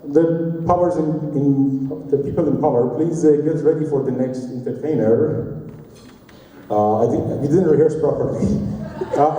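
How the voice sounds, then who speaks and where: A man's voice: a little high, dark tone. A man in his forties hosting a company party, telling self-mocking jokes between acts. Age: 40s. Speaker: event emcee. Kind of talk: stand-up comedy hosting. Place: large party hall. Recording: distant, roomy hall recording.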